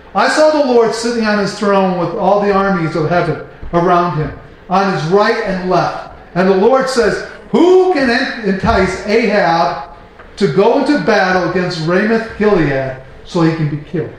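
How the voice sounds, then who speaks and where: High-voiced guy in his 40s reading the bible, chatty side comments, big echoey room. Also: moderate pace. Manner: reads scripture aloud, then breaks in with casual asides. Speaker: Bible teacher.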